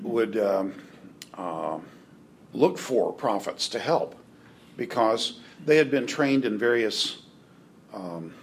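A man teaching a Bible class in a halting way, with restarts and dry joking asides. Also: lowish voice, slight background noise.

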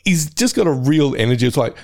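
Gravelly middle-aged man. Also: on the high side, big pitch swings, fast, darkish tone. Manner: rambling, self-deprecating, laughs often, slips into quoted voices. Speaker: podcast co-host. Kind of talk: casual chat.

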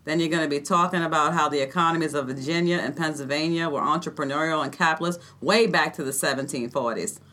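A woman voicing a cocky young working-class male genius in a put-on Boston accent, delivering a scornful rapid-fire put-down. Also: sits low, fairly bright tone. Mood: mocking.

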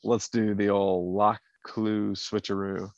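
Male co-host, gravelly and lively, dull lo-fi sound. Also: lowish voice, slow pace, slight background noise. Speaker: podcast co-host. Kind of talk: casual chat.

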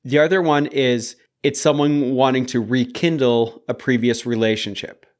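A man's voice: mid-range voice, fairly even intonation, normal speed. A man co-hosting a podcast in casual chat, agreeable with a dry sense of humor. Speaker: podcast co-host. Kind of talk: casual chat about a song.

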